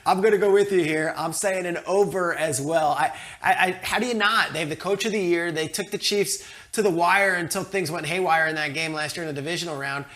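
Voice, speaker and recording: A man's voice: on the high side, a little fast, hardly any pauses, a bit bright. A man giving an emphatic, confident take on a sports show panel. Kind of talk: sports debate.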